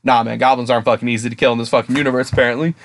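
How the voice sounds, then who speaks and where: A man co-hosting a casual podcast, excitable, swearing often and acting out quotes in a raised voice. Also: racing, slight background noise. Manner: excitable, swears a lot, acts out quotes in a higher voice. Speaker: podcast co-host.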